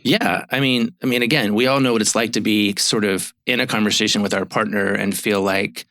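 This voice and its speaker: A man's voice: fairly low pitch, fairly even intonation, a little fast, bright, forceful tone, no echo, clean studio sound. A man who hosts a marriage therapy show, talking casually and rambling with many fillers and restarts. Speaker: marriage therapist and podcast host. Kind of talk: casual chat.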